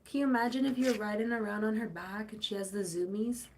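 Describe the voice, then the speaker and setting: A woman's voice: medium pitch, brisk. A young woman hosting a casual live stream, chatting to viewers, answering their comments and telling rambling stories. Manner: animated storytelling with playful quoted voices. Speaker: livestream host.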